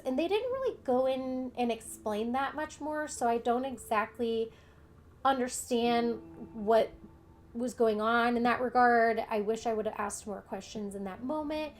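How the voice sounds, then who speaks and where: A woman's voice: fairly high pitch, a little slow, a little hiss or hum. Candid young woman telling her story. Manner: candid, conversational, retells events with quoted dialogue. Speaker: vlogger. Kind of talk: casual personal storytelling.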